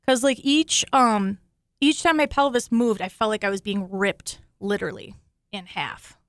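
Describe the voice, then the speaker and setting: A woman, a show host and accident survivor, chats emotionally on a studio talk show, laughing often as she thanks her rescuers in grateful, casual talk. Her voice is medium-pitched at normal speed, with no room sound.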